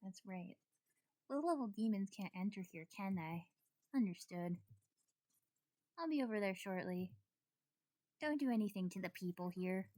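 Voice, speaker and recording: A woman's voice: medium pitch, expressive, normal speed, long pauses, warm tone, no room sound, close to an everyday voice. A woman voicing a cold, commanding female demon in a game, with a slight drawl. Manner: drawling, with a slight Southern lilt.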